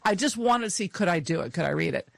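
A woman's voice: lowish voice, animated, fast talker, creaky, no room sound. A woman co-hosting a podcast in casual chat, chatty with fillers and frequent laughs. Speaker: podcast co-host.

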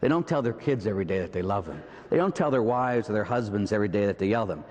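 A Catholic priest with a Pittsburgh accent delivers a sermon, his pitch swinging widely up and down. He keeps throwing rhetorical questions at the congregation. His voice rings out in the long reverb of a large church. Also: fast talker, lo-fi sound. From Pittsburgh, USA. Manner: animated preaching, peppered with rhetorical "huh?" and "right?".

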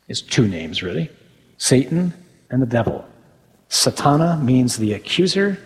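A man's voice: medium pitch, big-room sound, rough recording. A man, a Catholic priest, preaching a sermon in a conversational way with tag questions.

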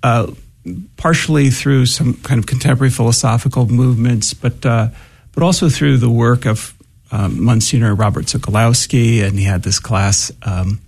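Gravelly husky professor on radio. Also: male voice, mid-range voice, darkish tone. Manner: thoughtful, halting, with many fillers. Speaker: philosophy professor, guest. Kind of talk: radio interview.

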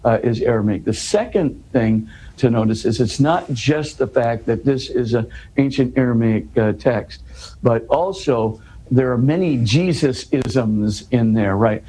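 An earnest man explains scripture in an interview, his voice warm and mellow at an ordinary pitch. He loops back over words, checks in with "you know" and "right?", and lifts into emphatic questions. A faint background hum sits under his voice. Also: measured pace, low-quality recording. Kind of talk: explanatory conversation.

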